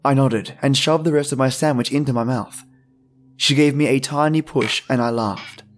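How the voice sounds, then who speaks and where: A man hosting a podcast, reading a horror story slowly and quietly after a friendly, chatty welcome. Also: mid-range voice. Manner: friendly, chatty intro, then slow hushed reading. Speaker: podcast host and narrator. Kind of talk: scripted horror story narration. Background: faint music.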